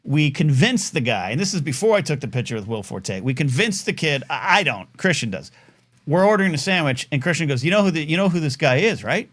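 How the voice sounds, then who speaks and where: A middle-aged man with a slightly raised pitch hosts a live call-in style talk show. He tells a long story in a loose, rambling way, full of fillers and false starts, and animates the people in it with quick put-on voices. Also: big pitch swings, fairly bright tone. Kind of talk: casual storytelling monologue.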